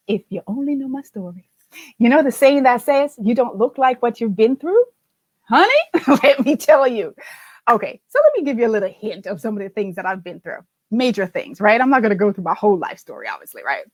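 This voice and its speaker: A woman's voice: on the high side, expressive, moderate pace, no echo. A middle-aged woman coach giving a live-stream talk, answering viewer comments in a chatty, encouraging way and often adding "right?". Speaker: confidence and leadership coach.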